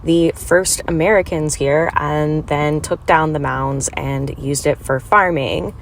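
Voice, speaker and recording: A woman's voice: deep voice, steady tone, slow pace, a little hiss or hum. A woman chatting through a casual travel vlog in an enthusiastic, chatty way. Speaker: travel vlogger.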